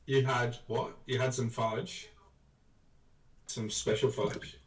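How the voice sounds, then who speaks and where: A man's voice: medium pitch, little pitch movement, slow pace, reverberant, distant mic, a little hiss or hum, rough recording. A man chatting and joking casually on a livestream. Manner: joking, banter-filled. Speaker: streamer.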